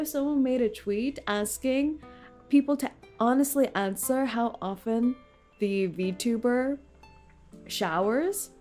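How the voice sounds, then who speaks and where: A woman's voice: a little high, a little mellow. A young woman streaming a game, chatting casually and breaking into frequent laughter. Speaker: VTuber streamer. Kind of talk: casual live-stream chat over gameplay. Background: faint game music.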